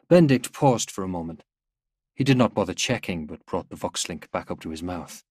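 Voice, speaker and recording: A man narrating a military story as an audiobook, steady and measured, on a close mic. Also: sits low, breathy edge, no room sound.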